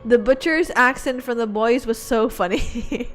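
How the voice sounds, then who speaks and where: Giggly high-voiced woman streamer. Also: unhurried, faint music behind. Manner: giggly, rambling, heavy filler "like". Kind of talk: casual livestream chat.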